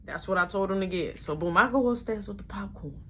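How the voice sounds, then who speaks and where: A woman's voice: medium pitch, brisk, slight background noise. A young woman casually telling a story about her family, acting out everyone's lines as she goes. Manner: animated, acts out each character in quoted voices. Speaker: vlogger.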